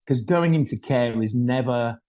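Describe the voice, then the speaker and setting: A man's voice: medium pitch, unhurried, dark tone. A middle-aged man, telling a chatty, self-deprecating story about becoming a foster carer and acting out the conversations. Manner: chatty and self-deprecating, acts out dialogue, frequent fillers. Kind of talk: anecdotal storytelling talk.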